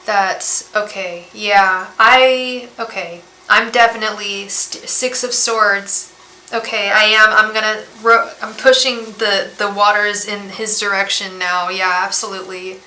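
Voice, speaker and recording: A woman reading tarot cards on a live stream, talking gently and emotionally, often repeating and restarting her words. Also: medium pitch, fairly even intonation, measured pace. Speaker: tarot reader and psychic medium. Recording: echoey room with faint background hiss.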